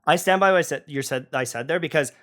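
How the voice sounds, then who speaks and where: A man's voice: fairly high pitch, fast talker, fairly bright tone. A man hosting a stream, arguing over a call in an agitated, confrontational way, stumbling into restarts. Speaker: streamer and host. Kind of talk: heated online argument.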